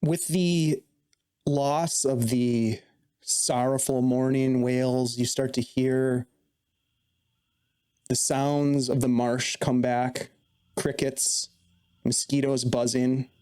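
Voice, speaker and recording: A man narrating a tabletop game as dungeon master, with measured, descriptive delivery. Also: medium pitch, little pitch movement, warm tone, clean tone.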